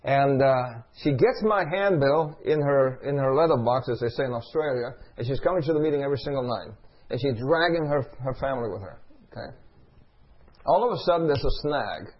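A man's voice: mid-range voice, fairly quick. A middle-aged male preacher giving a sermon, telling a story and asking the congregation call-and-response questions. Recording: dull lo-fi recording.

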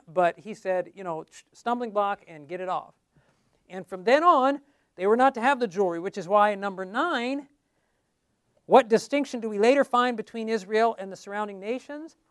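A man's voice: sits high, moderate pace, a bit bright, clean tone, dry recording, studio quality. A middle-aged man speaking as a pastor in a sermon-style Bible study, emphatic and repeating key words for stress. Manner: emphatic, repeats key words, quotes the people in his stories.

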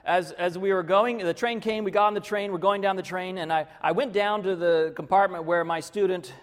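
Man, pastor, storytelling sermon, conversational with restarts, slightly high voice, long echo of a large hall. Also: steady tone, fairly quick. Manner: conversational, with many restarts and fillers.

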